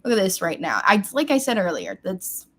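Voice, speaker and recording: A woman's voice: medium pitch, big pitch swings, a little fast, slightly rough. A bubbly young woman chats through her makeup routine into a webcam at home. Her talk is casual and chatty, and she squeals with delight now and then. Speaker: beauty vlogger. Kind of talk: casual get-ready-with-me chat.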